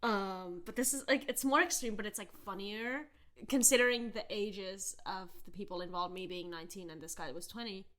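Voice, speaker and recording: A young woman in her twenties, a podcast host, telling a personal story in a candid, animated way, with frequent laughter and fillers like "like" and "um". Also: medium pitch, normal speed. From Southern California. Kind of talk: casual storytelling rant.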